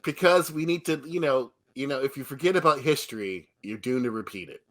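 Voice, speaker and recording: A man's voice: mid-range voice, a little fast. A man co-hosting a podcast, chatting casually and laughing often between jokes. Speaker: podcast co-host. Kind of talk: casual chat.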